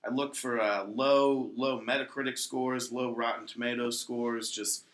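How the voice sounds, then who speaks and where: A man's voice: medium pitch, steady tone, a little slow, a bit bright. A man hosting a casual podcast chat, laid-back and loose, swearing as he explains the next game. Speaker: podcast host. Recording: echoey room.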